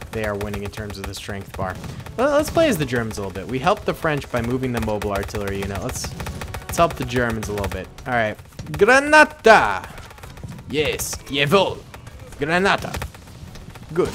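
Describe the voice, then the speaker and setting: A man giving casual, excitable game commentary and cheering on units as he watches. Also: medium pitch. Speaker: gameplay commentator.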